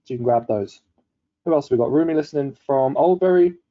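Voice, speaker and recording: On a lo-fi recording, a fast-talking man with a mid-range voice hosts a live online coaching session as a webinar. He's upbeat and chatty, reading viewers' comments aloud as he goes.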